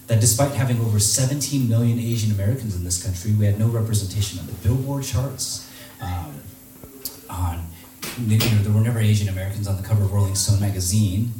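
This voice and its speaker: A man giving a storytelling talk to an audience, animated and acting out the voices of people he quotes. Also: fairly low pitch, fairly quick, distant mic, noisy background. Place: large hall with audience. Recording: echoey hall, voice from off-mic.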